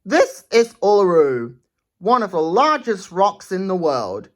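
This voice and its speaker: A woman's voice: mid-range voice, very animated, measured pace, voice pushed up. A woman voicing a friendly, easygoing male train engine in a storybook reading, chatty and laid-back.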